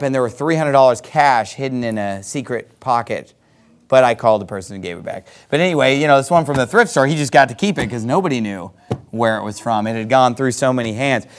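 A middle-aged man preaching a Bible sermon, reading scripture slowly and then explaining it in a folksy, emphatic way. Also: medium pitch.

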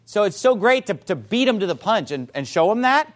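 Animated preacher man, fairly high voice. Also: a little fast. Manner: animated, mimics opponents in high excited voices; reads scripture aloud in a rising, emphatic voice. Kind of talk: sermon.

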